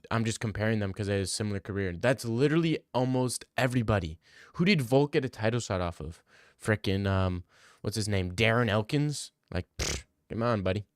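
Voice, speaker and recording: A man's voice: on the low side, clear, resonant tone, no room sound, studio quality. Blunt, argumentative man on a livestream. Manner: blunt, argumentative, swears freely. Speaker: livestream host answering chat. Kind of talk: casual livestream Q&A.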